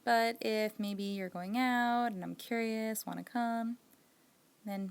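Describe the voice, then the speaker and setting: Creaky-voiced woman teaching a video lesson. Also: a little high, fairly even intonation, slow pace. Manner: explaining patiently with spoken examples. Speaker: sign language teacher.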